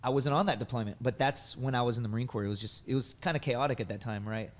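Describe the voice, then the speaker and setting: A man in his thirties from the United States spins long, rambling stories, padding them with likes and dudes. His voice sits at a middling pitch and has an easy, conversational flow. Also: fast. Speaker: podcast guest, veteran and comedian. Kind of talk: casual storytelling.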